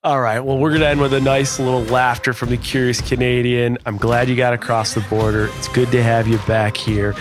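A man's voice: medium pitch, little pitch movement, a little fast, hardly any pauses, over music. A man co-hosting a podcast, chatting in a loose, enthusiastic way and swearing now and then. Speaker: podcast co-host. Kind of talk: casual podcast chat.

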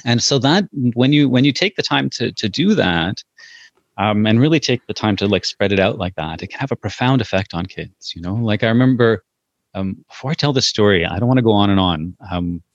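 A man's voice: lowish voice, animated, brisk, dry recording. Man, parenting guest, rambling storyteller, dry muffled audio. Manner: hesitant, many fillers and restarts, storytelling. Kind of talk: casual podcast conversation.

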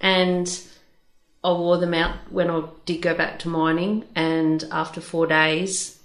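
A woman's voice: lowish voice, level tone, takes it slowly. Frank older woman, roomy echo. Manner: frank, chatty, swears casually. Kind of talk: casual chat.

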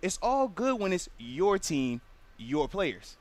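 A man with a notably high voice talks sports as a former pro player. He is earnest and explanatory, and dips low and quiet when he drives a point home. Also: very animated, slow pace. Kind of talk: casual sports radio chat.

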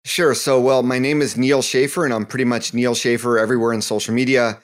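A man's voice: medium pitch, steady tone, brisk. A man as a guest on an interview show, giving earnest advice with a few fillers. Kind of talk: interview answers.

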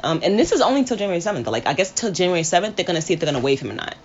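A woman co-hosting a casual sports podcast, animated and slangy, laughing often. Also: on the low side, very fast. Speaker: podcast co-host. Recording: dull lo-fi audio with faint hiss.

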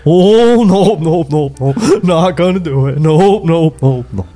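A timid cartoon turtle, played by a man at a table read refuses over and over in a sing-song voice. The voice sits a little higher and louder than the man's own. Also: animated, slow, soft background music. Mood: stubborn.

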